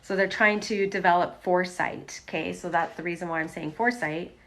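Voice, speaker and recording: A woman with a slightly low voice reads tarot on a casual livestream. She talks straight to the camera and repeats words as she goes. She is recorded on a phone or webcam mic. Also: fairly even intonation, fairly quick, a bit bright. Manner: chatty, repetitive, talks to the camera. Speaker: tarot reader.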